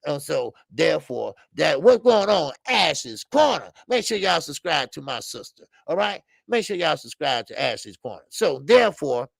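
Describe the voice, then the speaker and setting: A man's voice: fairly high pitch, moderate pace, gravelly, hardly any pauses, no echo. A man hosting a live boxing stream, talking bluntly and repetitively to his chat, often swearing. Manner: blunt, repetitive, animated, profane. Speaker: boxing show host.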